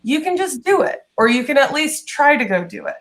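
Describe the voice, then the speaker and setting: A woman with a somewhat high voice, talking in a relaxed podcast chat. She is chatty and laughs easily as she gives her advice. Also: a little fast. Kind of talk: casual chat.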